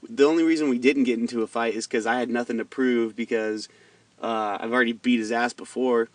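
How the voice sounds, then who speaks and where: A man's voice: mid-range voice, steady tone, brisk, no echo. Profane rambling young man, dry distant sound. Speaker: vlogger. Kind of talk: casual storytelling rant.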